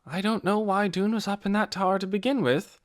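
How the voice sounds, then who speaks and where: A man voicing a brisk, no-nonsense older woman speaking matter-of-factly. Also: high-pitched, steady tone, no room sound, clean studio sound, pitched above the performer's own voice, natural voice.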